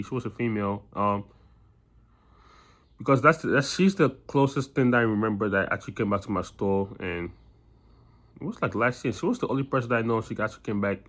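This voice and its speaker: Fast, rambling young-sounding man. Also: fairly low pitch, a bit bright. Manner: rambling, repeats himself with many "you know"s; blunt and exasperated. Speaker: vlogger. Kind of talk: casual monologue.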